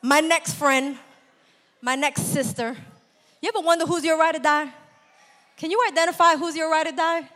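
A woman preaches in a lively, chatty way and laughs often. Her voice sits high and bright, and a long church reverb trails after her words. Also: moderate pace, long pauses. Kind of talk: sermon.

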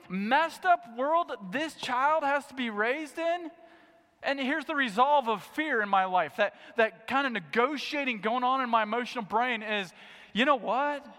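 A middle-aged man preaching a sermon, animated and acting out his own reactions in a raised voice. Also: extremely high pitch. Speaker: pastor. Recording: long hall reverb.

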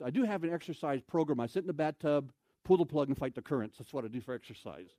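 A man telling a story in a sermon as an evangelist, animated, with loud exclamations and quoted voices. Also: on the high side, quick pace, hardly any pauses, dry recording.

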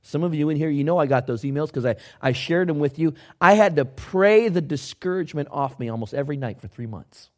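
A man, a pastor, telling a personal story in a sermon, conversational but swinging from hushed asides to loud outbursts. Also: on the high side, animated, a little fast, hardly any pauses. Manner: conversational with fillers.

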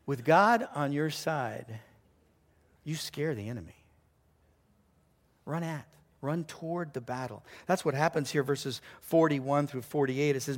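A man preaching a sermon, telling a story with lively delivery, sometimes dropping to a hushed voice for emphasis. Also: a little high, a little slow, long pauses. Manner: animated storytelling, acts out voices and sounds. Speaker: pastor.

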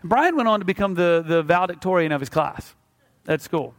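A man with a notably high voice delivers a sermon. He talks to the congregation in a relaxed, conversational way while telling a story, then presses his point with earnest conviction. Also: a little fast. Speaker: pastor.

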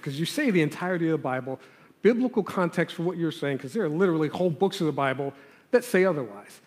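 A man's voice: fairly high pitch, animated, fast. A male pastor preaching a sermon in a conversational, earnest way, pressing hard on key words. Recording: long hall reverb.

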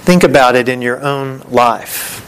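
A man's voice: mid-range voice, a little slow, a little hiss or hum. A middle-aged man, a pastor, preaching a conversational sermon and acting out the disciples' lines.

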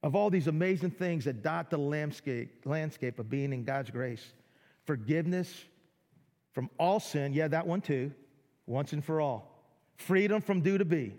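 A middle-aged man preaching a sermon, excitable and full of repeated words as he acts out people's amazement. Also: on the high side, unhurried. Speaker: pastor. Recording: long hall reverb.

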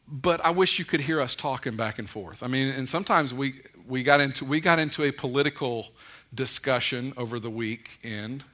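A middle-aged man preaching a conversational sermon, mixing folksy stories and gentle humor into his points. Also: medium pitch, moderate pace. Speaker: pastor.

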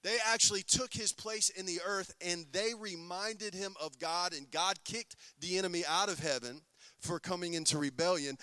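A man's voice: sits high, sharp tone, no echo. A man preaching a sermon as pastor, often asking the congregation call-and-response questions.

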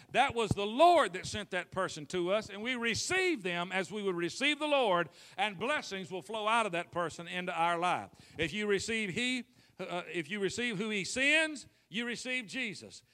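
A man preaching a lively sermon, calling out to the congregation and acting out scripture scenes. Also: sits high. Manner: animated, calls for responses, acts out scenes.

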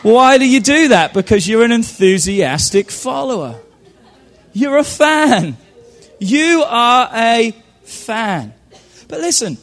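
A man preaching a sermon to a congregation, who shifts from loud shouted calls to hushed storytelling and repeats lines for emphasis. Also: high-pitched. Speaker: pastor.

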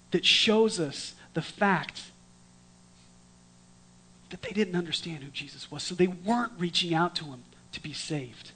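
A man preaching a storytelling sermon in a conversational way, with dramatic swings from lively to hushed. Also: high voice. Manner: conversational with restarts.

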